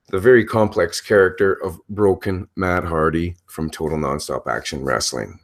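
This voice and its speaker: A man hosting his own channel as a pro wrestling reporter, giving casual, earnest, emphatic commentary with some profanity. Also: on the low side.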